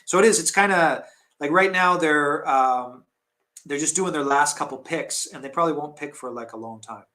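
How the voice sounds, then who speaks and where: Rambling chatty man, fairly high voice. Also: moderate pace, sharp tone. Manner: rambling, chatty, self-deprecating with laughs and restarts. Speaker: tea seller hosting a live stream. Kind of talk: casual live-stream chat.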